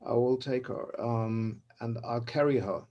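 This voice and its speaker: A man's voice: mid-range voice, steady tone, a little slow, dull audio. A man reading a story aloud in a language class and translating it, searching for words with frequent ums. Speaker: student reader.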